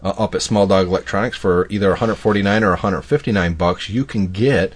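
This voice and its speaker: A man hosting a podcast, chatting casually in a relaxed, rambling way. His voice sits on the low side, and he drifts and restarts as he talks. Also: fast talker, breathy edge. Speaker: podcast host. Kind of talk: casual chat.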